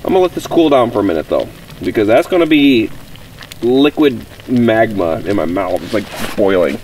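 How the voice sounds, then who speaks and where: A man's voice: on the low side, expressive, moderate pace, darkish tone, a little hiss or hum, low-quality recording. A man vlogging from his winter campsite, chatting casually and rambling, laughing often as he talks. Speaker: outdoor vlogger. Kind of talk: casual chat at camp.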